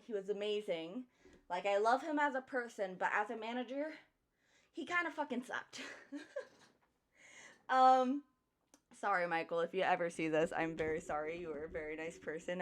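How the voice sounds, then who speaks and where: A young woman streamer chatting casually while she draws, telling a work story with frequent swearing and laughter. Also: mid-range voice. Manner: chatty, swears often, laughs between lines. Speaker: streamer and artist.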